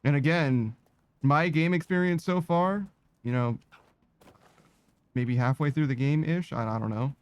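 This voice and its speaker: A man's voice: fairly high pitch, unhurried, pauses often, clean tone, no room sound. A man giving let's-play commentary in a sardonic, profane, rambling way. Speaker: gaming streamer.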